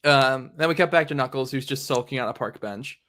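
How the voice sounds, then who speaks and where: A young man hosts a relaxed podcast about comics, retelling the story in a rambling way stuffed with "like" and "um." His voice is medium-pitched and fairly bright, and he speaks fairly quickly.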